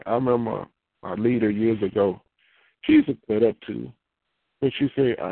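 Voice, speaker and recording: Heard over tinny phone-line radio in a dry recording, a male pastor with a lowish, gravelly voice preaches at normal speed. His delivery is casual and conversational, full of repeated phrases, and rises into fervent prayer.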